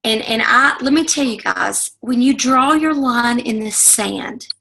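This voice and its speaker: A woman in her forties speaks to an audience in an earnest, heartfelt way, telling her own story as a motivational talk. Her voice sits a little high and carries a gravelly fry. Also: a little slow, pushed and bright, rough recording. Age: 40s. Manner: earnest and heartfelt, addressing listeners directly.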